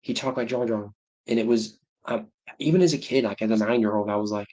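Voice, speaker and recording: A man's voice: lowish voice, quick pace, a little mellow. A man in his thirties hosting a livestream, rambling in casual chat, breaking off mid-sentence and chuckling at his own stories. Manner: rambling, self-interrupting, laughing to himself. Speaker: livestream host.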